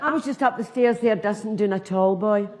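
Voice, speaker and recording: A woman's voice: medium pitch, background noise, close to an everyday voice. A woman voicing a chatty, nosy Glasgow man with a Scottish accent, who teases in a gossipy way. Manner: gossipy, quick and teasing.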